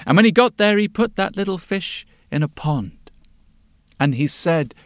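A man's voice: high-pitched, lively intonation, normal speed, no echo, studio quality. A man telling a story in a dramatic way, often dropping to a whisper. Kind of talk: spoken storytelling to music.

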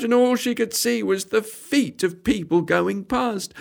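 A storyteller telling a children's tale aloud, expressive and lilting, repeating phrases for effect. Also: medium pitch, a little slow, creaky, hardly any pauses, soft background music.

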